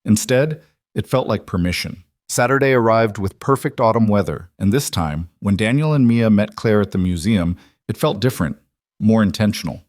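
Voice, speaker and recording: Low-voiced male story narrator. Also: lively intonation, normal speed, darkish tone, dry recording, clean studio sound.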